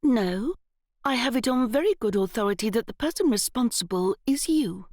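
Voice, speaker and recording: A woman's voice: on the high side, expressive, normal speed, a little mellow, no echo, studio quality, pitched above the performer's own voice. A woman voicing a severe young aristocratic lady speaking haughtily. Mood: commanding.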